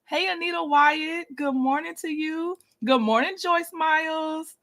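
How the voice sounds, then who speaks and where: A woman's voice: high voice, a little slow, a bit bright. A woman hosting a casual livestream, chatting and laughing often as she greets her viewers one by one by name. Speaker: livestream host.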